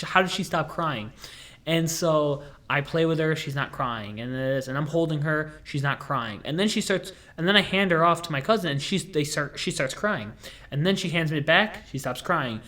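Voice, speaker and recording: A man's voice: a little high, sharp tone. A young man hosting a podcast, telling rambling, jokey stories in casual chat with lots of fillers. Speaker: podcast host.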